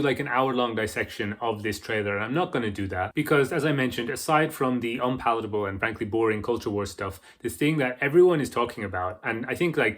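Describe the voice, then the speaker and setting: A man from Britain giving casual video-essay commentary as a book vlogger, chatty and excitable with frequent restarts. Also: mid-range voice.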